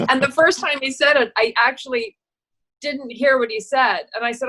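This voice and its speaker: Middle-aged actress, woman, chatty anecdotes, bright and forward voice, does little voices for others. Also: high-pitched, a little slow, husky, rough recording. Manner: animated storyteller, acts out quoted voices, laughs often. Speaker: actress and producer, guest. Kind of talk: casual anecdote telling.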